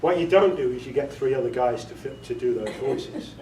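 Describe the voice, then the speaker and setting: Warm in tone and medium in pitch, a British audiobook director speaks briskly during an informal workshop talk. He chats, jokes, and quizzes the small audience in a meeting room, captured in an echoey space with faint noise and his voice far from the mic.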